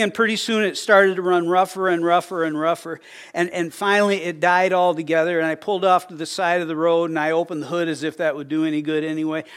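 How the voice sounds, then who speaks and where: A middle-aged man preaching a sermon in a church, telling folksy personal stories with many stammered restarts. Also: high-pitched. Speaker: pastor.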